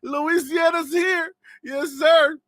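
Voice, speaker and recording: A man's voice: very high voice, steady tone, slow pace, fairly bright tone, dry recording. A man from Liberia hosting a live sports show, chatting playfully with viewers and laughing often. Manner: playful, laughing, teasing the chat. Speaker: host. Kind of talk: casual live-stream chat.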